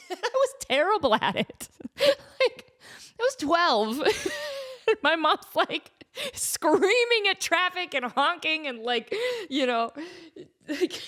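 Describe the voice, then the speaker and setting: A woman hosting a podcast, telling stories in a rambling, animated way and laughing often. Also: high voice. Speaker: podcast host. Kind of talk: casual storytelling monologue.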